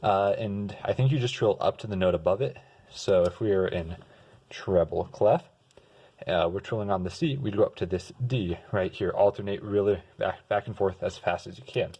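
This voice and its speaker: Relaxed young male tutor with a somewhat low voice, hums examples while explaining. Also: moderate pace, slightly rough. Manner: relaxed, sings example notes and restarts words. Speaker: music tutor. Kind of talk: casual explanatory lesson.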